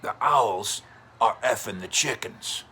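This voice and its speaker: Folksy older owner telling a down-home yarn, drawn-out delivery, bright edge, as a sports writer puts him on. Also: male voice, on the low side, a little hiss or hum. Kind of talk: comic impression.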